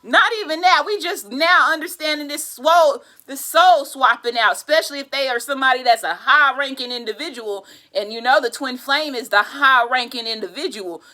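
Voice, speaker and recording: Tarot reader, woman, high and bright voice, cusses through an exasperated rant, jumps from loud outbursts to low muttering. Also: normal speed, few pauses. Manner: profane, exasperated ranting with bursts of laughter. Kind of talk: casual tarot reading monologue.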